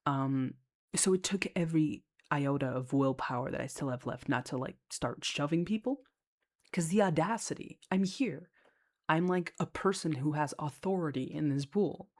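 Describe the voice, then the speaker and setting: Woman with a low voice, casual storyteller, chatty, blunt and sweary, lots of filler words. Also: normal speed, darkish tone. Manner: chatty and candid, swears freely, heavy on fillers. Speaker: lifeguard.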